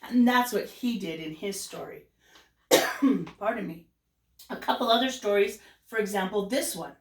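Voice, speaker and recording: A woman teaching a kindergarten class, with an animated, exaggerated sing-song delivery. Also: medium pitch, a little slow. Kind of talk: lesson for young children. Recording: roomy echo, voice from a distance.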